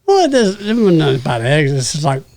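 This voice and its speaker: A man's voice: a little high, sing-song, fast talker, vocal fry, darkish tone. A middle-aged man, telling rambling jokes as a guest in a casual podcast chat. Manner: joking, rambling storyteller. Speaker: guest, horse business owner.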